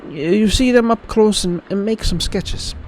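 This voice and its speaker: A man voicing a young woman who is a traveling earth artist, friendly and a little hesitant, in a strained falsetto attempt at a female voice. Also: a little slow, a little mellow, slight background noise, natural voice. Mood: enthusiastic.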